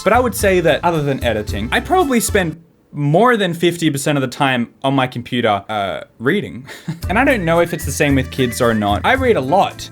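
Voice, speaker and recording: Male vlogger, sarcastic and quick to laugh, very animated pitch; faint music behind. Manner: sarcastic, laughs often, lively. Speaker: video commentator. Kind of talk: sarcastic reaction commentary.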